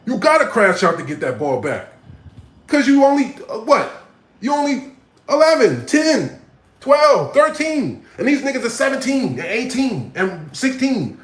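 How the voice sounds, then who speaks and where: A man telling stories from his life in a casual monologue, streetwise and animated, swearing freely and acting out the voices of people in his stories. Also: extremely high pitch, measured pace, rough recording. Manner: streetwise, animated storyteller who acts out voices and cusses freely.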